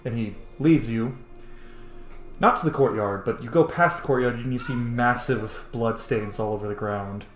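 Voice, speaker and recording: A man's voice: medium pitch, normal speed, roomy sound, faint music behind. A man narrating as game master of a tabletop game, telling the scene in a loose, filler-heavy way.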